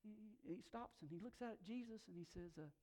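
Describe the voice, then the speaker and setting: Animated high-voiced male preacher. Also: fairly quick. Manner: animated, swings from soft asides to loud emphatic bursts; conversational, folksy fillers. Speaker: pastor. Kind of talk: sermon.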